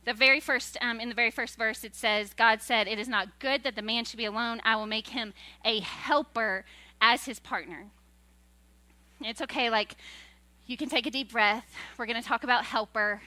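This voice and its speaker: Bright, high-voiced woman preaching. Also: normal speed, no room sound. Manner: animated, laughing asides, voices for quoted people. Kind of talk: sermon. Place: church stage.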